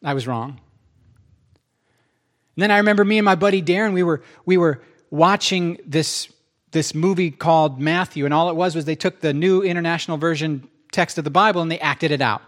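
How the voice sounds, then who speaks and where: A middle-aged man preaching, telling his testimony in an animated, self-interrupting way and acting out quotes. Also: on the high side, brisk. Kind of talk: testimony storytelling.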